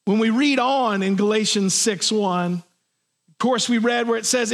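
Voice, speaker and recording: A man's voice: very high voice, measured pace. A man preaching a sermon to his congregation in an earnest, plain way, sometimes acting out voices. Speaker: pastor.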